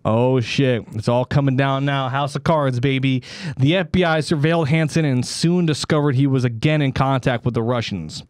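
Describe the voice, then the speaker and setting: A man co-hosting a comedy podcast, reading out a story in a casual, offhand way. He trips over names and tosses in jokes as he goes. His voice sits at a middling pitch and sounds dry and close to the mic. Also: normal speed, a little mellow, clear, resonant tone, no echo. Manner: stumbling over names, joking asides. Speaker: podcast co-host.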